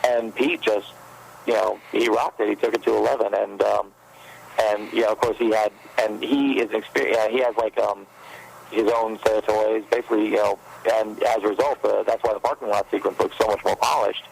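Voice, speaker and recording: Gravelly-voiced man telling a rambling story. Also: lowish voice, fairly even intonation, fairly quick, a little hiss or hum, rough recording. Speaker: guest, fan filmmaker and actor. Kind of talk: casual conversational interview.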